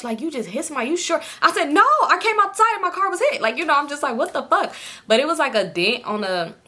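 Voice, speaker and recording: Bright-voiced young woman telling a wild story. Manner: animated, swings into high-pitched quoted voices; profane, addresses viewers as y'all. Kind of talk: casual storytime vlog.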